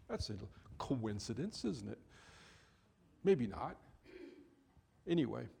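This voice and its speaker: Man, pastor, conversational sermon, medium pitch, church. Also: sing-song, slow, vocal fry, long pauses, dark tone, husky. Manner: conversational, acts out quoted figures.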